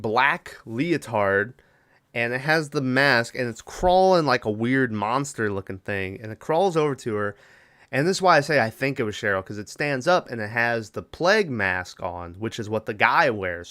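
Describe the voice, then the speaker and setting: Smooth-voiced man recapping a movie. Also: medium pitch, fairly bright tone. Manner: rambling, filler-heavy retelling with quoted lines. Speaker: podcast host. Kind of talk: casual solo movie recap.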